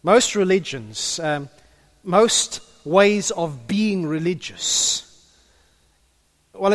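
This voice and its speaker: A man preaching a sermon, telling stories and chatting with the congregation. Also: sits high. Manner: storytelling, animated, chatty with the congregation. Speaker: pastor.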